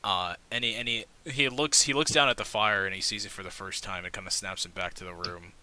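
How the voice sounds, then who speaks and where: A man's voice: on the low side, fairly quick, bright, forceful tone, smooth. A man playing a tabletop game, describing his character's actions in a loose, casual way. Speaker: player.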